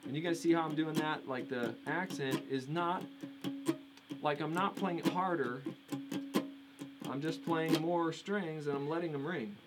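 A man with a slightly high voice runs a relaxed, chatty guitar lesson over a stream. He talks loosely and counts the beats aloud. His own acoustic guitar rings loudly underneath him the whole time. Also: a little slow, low-quality recording. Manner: casual, counts beats aloud while strumming. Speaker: guitar teacher. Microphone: streaming mic through a compressor. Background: his own strummed acoustic guitar.

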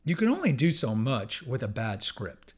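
A man's voice: mid-range voice, wildly swooping pitch, moderate pace, slightly rough. A man hosting a solo podcast, talking in an emphatic, conversational way, repeating key phrases for effect and often restarting his sentences. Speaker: podcast host.

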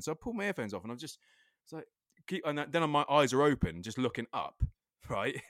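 A man's voice: mid-range voice, animated, fast, fairly bright tone, no echo, studio quality. A man, chatting casually as a podcast co-host, swearing constantly and laughing often as he tells a story. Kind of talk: casual chat.

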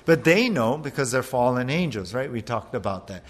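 A man preaching a sermon as pastor, animated, acting out voices as he retells a passage. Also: medium pitch, moderate pace. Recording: long hall reverb.

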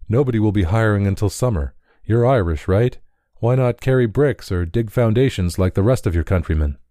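A man's voice: on the low side, expressive, a little fast, warm tone, dry recording, clean studio sound, pitched above the performer's own voice, lightly acted. A man voicing a blunt, dismissive male livery stable owner who talks scornfully. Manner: brusque, scornful.

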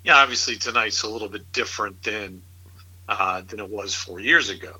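A middle-aged man with a husky, very bright voice talks through politics in loose, rambling chat. He sounds incredulous and laughs often, circling back on his points. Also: lowish voice, normal speed, poor audio.

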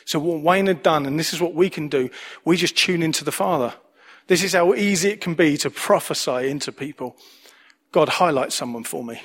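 A man's voice: a little high, a little fast, a bit bright. A man preaching a sermon as pastor, earnest, repeating key phrases for emphasis.

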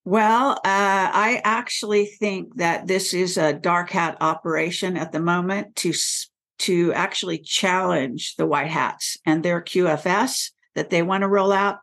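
A woman guest in an interview, speaking in a measured way and pausing often with fillers. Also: lowish voice, gravelly, a bit bright. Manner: measured, pauses with many fillers. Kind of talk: interview conversation.

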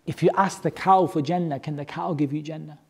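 Religious teacher, animated storyteller, mid-pitched, joking, lively rhetorical questions. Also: fairly quick, vocal fry, slightly rough. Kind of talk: storytelling lesson to a class.

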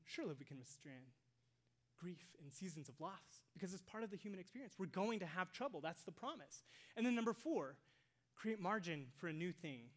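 In a church sanctuary full of worshippers, a pastor delivers a sermon in a mid-range voice. He shifts from forceful, loud emphasis to soft near-whispers and poses rhetorical questions to the congregation.

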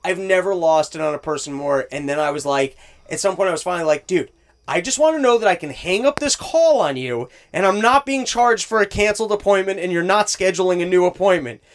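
Man, high voice, exasperated profane storyteller in casual talk, plays both parties of a call. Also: expressive, a little fast. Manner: profane, exasperated ranting, acts out both sides of calls. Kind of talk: casual chat.

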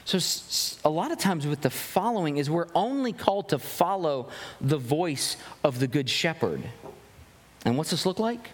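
Animated and a little high, a young man's voice moves at normal speed as he preaches a sermon as pastor. The church sanctuary gives the audio a long hall reverb, and his earnest delivery is full of rhetorical questions and restarted phrases.

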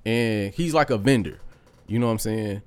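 A man's voice: moderate pace, clear, resonant tone. Laid-back profane man telling stories. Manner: animated, profane, laughs often, drops low when making asides. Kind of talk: casual storytelling chat.

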